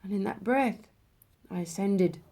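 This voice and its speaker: A woman speaks to camera about a personal spiritual experience. Her telling is emotional and intimate, with passages that fall to a hush. Her pitch sits in the middle. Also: unhurried. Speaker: vlogger.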